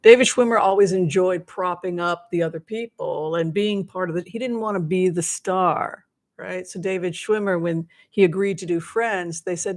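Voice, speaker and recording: A woman's voice: lowish voice, moderate pace, a little mellow. A woman giving live tarot readings to her viewers, chatty and bubbly, with playful asides. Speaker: tarot reader.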